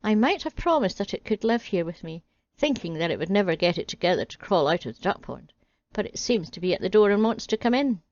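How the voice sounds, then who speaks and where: A woman's voice: medium pitch, very animated, a little fast, a little mellow, no room sound, highs cut off, close to an everyday voice. A woman doing a snobbish princess. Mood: haughty. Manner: haughty, scornful. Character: spoiled snobbish young princess.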